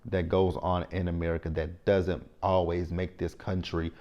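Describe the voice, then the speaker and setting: Male host, 30s, somewhat low voice, talkative recap style, animated asides. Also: normal speed, muffled recording. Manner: chatty, frequent "right?" asides, animated reactions. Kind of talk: casual TV episode recap.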